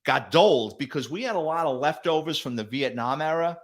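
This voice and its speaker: A man's voice: fairly high pitch, fairly quick. A middle-aged man, a retired police detective, telling stories as a guest with lots of swearing and acted-out quotes. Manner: animated, profane, acts out quoted voices. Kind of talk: casual storytelling.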